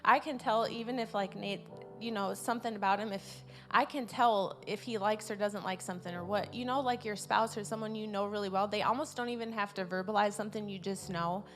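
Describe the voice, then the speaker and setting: A woman preaching an informal sermon at a church service, earnest and repeating her key words, swelling louder on her main points. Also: mid-range voice, fairly quick, faint music behind.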